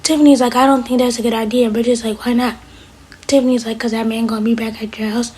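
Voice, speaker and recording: A woman with a raised, very breathy voice runs through a TV episode at speed, scene by scene. Her pitch barely moves as she quotes one character after another. It sounds like a casual fan recap from a channel host. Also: level tone, a little mellow, rough recording. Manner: rapid retelling that quotes characters in a barely changed voice.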